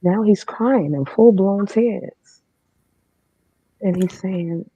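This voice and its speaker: A woman's voice: mid-range voice, extremely slow, pauses often, dark tone, slightly rough, no room sound. A woman telling her own story as a guest, in a candid, matter-of-fact way with casual fillers. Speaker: podcast guest. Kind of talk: personal storytelling. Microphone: remote streaming setup. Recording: dull lo-fi online stream.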